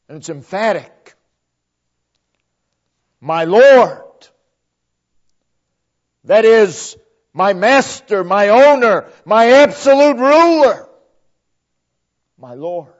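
A man preaching a sermon, emphatic, repeating phrases for stress. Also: high voice. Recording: dull lo-fi recording.

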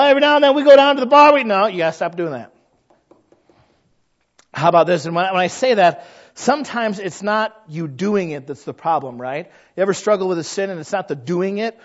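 A man's voice: on the high side, darkish tone. A man preaching a chatty sermon as pastor, folksy and conversational. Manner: folksy, chatty, acts out quoted voices. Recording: dull lo-fi recording.

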